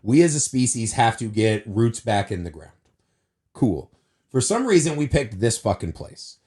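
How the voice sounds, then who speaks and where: A man's voice: medium pitch, big pitch swings, normal speed, warm tone. A man co-hosting a podcast, ranting about a movie in casual, profane chat and sore from surgery wounds. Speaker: podcast co-host.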